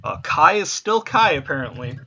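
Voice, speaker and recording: A man's voice: fairly high pitch, very animated, moderate pace, pushed and bright, highs cut off. A man narrating as game master for a tabletop game, talking hesitantly with many fillers.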